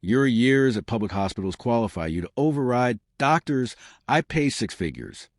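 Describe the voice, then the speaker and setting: A man's voice: mid-range voice, very animated, moderate pace, dry recording, clean studio sound, natural voice. A man playing a wealthy middle-aged father who talks in a clipped, condescending, controlling way. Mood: cold menace.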